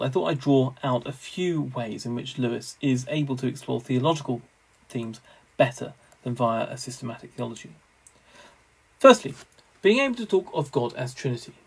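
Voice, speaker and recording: A man lecturing on theology in a measured, scholarly way, with the odd wry aside. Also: medium pitch, vocal fry, slightly rough, rough recording.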